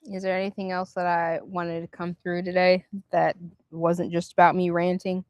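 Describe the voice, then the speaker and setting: A woman hosting a casual spiritual livestream outdoors, musing softly and guiding slow breathing. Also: on the low side, flat delivery, smooth, dry recording. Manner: meandering, soft and reflective, guides slow breathing. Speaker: livestream host. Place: outdoors near a park.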